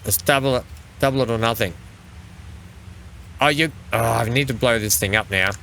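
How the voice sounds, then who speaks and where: A man's voice: medium pitch, moderate pace, gravelly, pushed and bright, slight background noise. A man hosting a game playthrough, chatting casually and talking to the vehicles on screen. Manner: chatty, talks to the game's vehicles. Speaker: gaming channel host. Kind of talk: let's play commentary.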